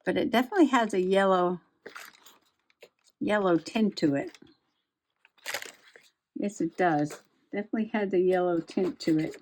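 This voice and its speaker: A woman's voice: mid-range voice, moderate pace, pauses often, darkish tone, a little hiss or hum. A middle-aged woman chatting casually to herself while journaling and crafting, giggling often as she goes. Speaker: journaling vlogger.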